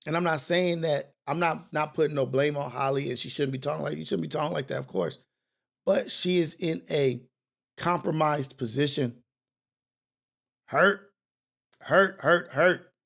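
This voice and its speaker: A young man hosts a morning show, his voice sitting a little high for a man. He talks in a loose, animated, sermon-like way, full of slang and blunt cursing, and often turns to confessing his own past. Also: normal speed, gravelly. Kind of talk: casual commentary monologue.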